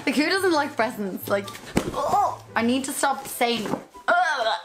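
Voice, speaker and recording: An Irish woman chats away on her vlog in a high voice and an unhurried pace. She giggles often and keeps tripping over her words and correcting herself. Faint music plays underneath. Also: expressive. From Ireland. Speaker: YouTube vlogger. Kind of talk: casual chatty vlog.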